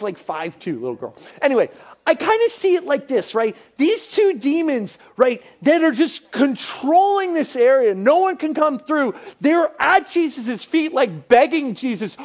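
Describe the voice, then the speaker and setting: A pastor delivers a conversational sermon in a fairly high voice at a moderate pace. He speaks in a casual, animated way, at times dropping to a hushed near-whisper.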